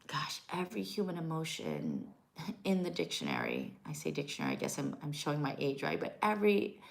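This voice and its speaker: A middle-aged woman and widow coaching grieving listeners on a live stream, gentle and reassuring, often checking in with "right?". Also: deep voice, wildly swooping pitch, a little fast, vocal fry.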